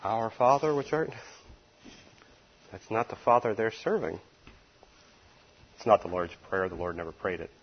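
A man's voice: low-pitched, moderate pace, pauses often, muffled recording, a little hiss or hum. A man preaching through a Bible passage in an emphatic, folksy way, with wry asides. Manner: emphatic, folksy, sometimes laughs at his own asides. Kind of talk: expository Bible teaching.

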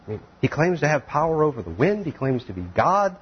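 Guy teaching bible verse by verse, bouncy animated delivery, dull muffled recording. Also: on the high side, fast talker, slight background noise. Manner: animated, acts out voices of biblical figures.

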